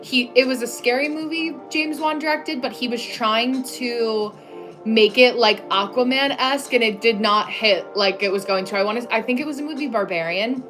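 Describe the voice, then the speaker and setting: Her voice sits on the high side and moves at a moderate pace over music. She's an American livestream host chatting loosely with viewers from her home desk, full of "like" fillers and quick to laugh.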